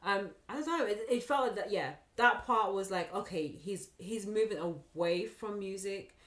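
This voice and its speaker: A woman's voice: medium pitch, lively intonation, moderate pace, fairly bright tone, echoey room. A woman co-hosting a podcast in easygoing casual chat, often agreeing and thinking aloud. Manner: easygoing, many fillers and agreeing yeahs. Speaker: podcast co-host.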